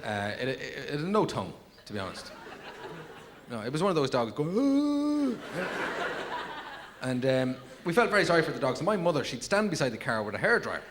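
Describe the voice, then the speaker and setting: A quick, fairly high-voiced Irish man doing stand-up in a packed theatre, deadpan and rambling, breaking into sudden yelps. The sound is an old 1990s VHS tape with clear hiss under the voice. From Ireland. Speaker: stand-up comedian. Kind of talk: live stand-up comedy. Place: packed theatre with laughing audience.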